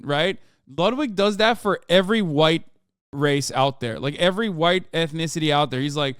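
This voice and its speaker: A man's voice: fairly high pitch, normal speed, smooth, dry recording, studio quality. A man in his thirties, a Turkish native speaker, giving sarcastic, profane reaction commentary on a livestream. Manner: sarcastic, profane, animated riffing. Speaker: streamer and political commentator.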